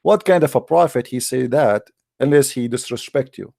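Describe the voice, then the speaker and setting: A man's voice: medium pitch, normal speed, creaky, dark tone. A man hosting a heated call-in debate, arguing hard and repeating his questions over and over. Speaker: debate host.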